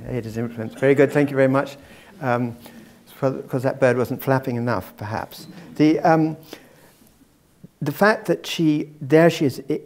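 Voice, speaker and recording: A man's voice: medium pitch, a little mellow. Man, public lecture, wry asides, mid-range voice, talking to an audience. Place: lecture before a live audience.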